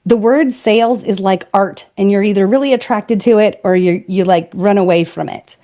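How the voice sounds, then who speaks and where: A woman's voice: mid-range voice, normal speed, mellow. Blunt, emphatic woman guest. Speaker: guest, sales trainer. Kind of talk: podcast interview.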